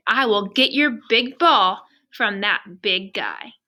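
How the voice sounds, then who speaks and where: A woman voicing an indignant little male elephant from a children's storybook, reading slowly and emphatically. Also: mid-range voice, animated, pushed and bright. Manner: slow, emphatic read-aloud.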